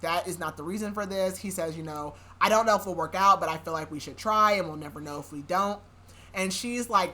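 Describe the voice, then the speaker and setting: Chatty sarcastic young woman, bright voice. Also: mid-range voice. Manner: chatty, sarcastic asides, frequent likes and laughs. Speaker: podcast host. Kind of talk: casual book recap.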